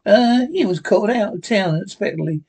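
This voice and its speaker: A man's voice: sits high, lively intonation, a little fast, darkish tone, husky, voice pushed up, heavily acted. A man doing a blustering crooked town boss. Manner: blustering, threatening. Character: scheming male town political boss.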